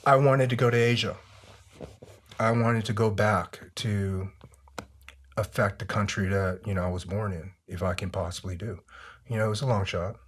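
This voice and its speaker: A man being interviewed, telling long relaxed stories with many fillers. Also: lowish voice, moderate pace, husky. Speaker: interview guest, former soldier. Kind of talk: conversational interview storytelling.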